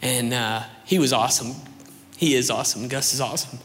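A young man preaching and telling his own story in a casual, animated way, with lots of "like" and "you know". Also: medium pitch, a little fast, in a large hall. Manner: conversational, animated storytelling with many fillers. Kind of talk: sermon with personal testimony.

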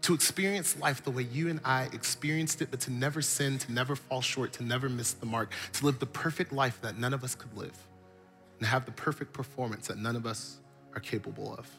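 A man's voice: mid-range voice, steady tone, a little fast, fairly bright tone, soft background music. A man preaching a sermon, telling stories with animation and building his points through repetition. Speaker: pastor.

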